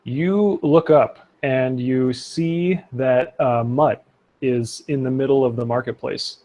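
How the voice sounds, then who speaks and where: A man's voice: medium pitch, takes it slowly, warm tone. Guy running a tabletop game, easygoing narration, lots of uhs, laughs now and then. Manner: loose, laughing narration with fillers. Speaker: game master.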